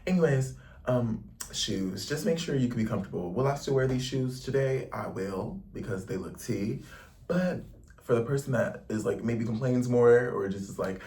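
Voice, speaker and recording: Talking to camera inside a Paris lodging, a young man from the US gives a chatty, slangy, rambling travel vlog heavy on "like". His mid-range voice is animated and a little mellow at normal speed, sounding far from the mic.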